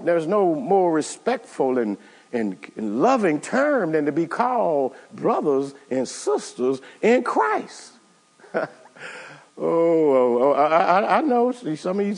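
Brief: male pastor mid-sermon, animated and emphatic, lots of restarts, church reverb. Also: on the high side. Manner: emphatic, with many stammered restarts and calls to the congregation. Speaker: preacher.

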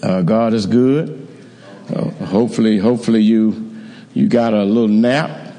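A man's voice: on the low side, fairly even intonation, measured pace, dark tone. A man preaching an evening sermon in a church, talking conversationally and often repeating words. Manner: conversational, repeats words, call-and-response amens. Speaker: pastor. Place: church sanctuary. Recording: reverberant church hall.

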